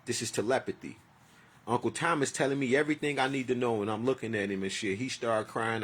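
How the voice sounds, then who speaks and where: A man's voice: mid-range voice, fast, fairly bright tone, breathy edge. A man in his forties talking in a rambling, profane, heartfelt personal monologue. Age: 40s.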